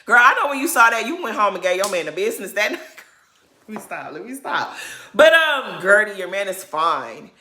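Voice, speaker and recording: A woman's voice: medium pitch, sing-song, brisk, pushed and bright. A woman vlogger recapping a reality show in a sassy, gossipy way, laughing often. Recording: roomy echo.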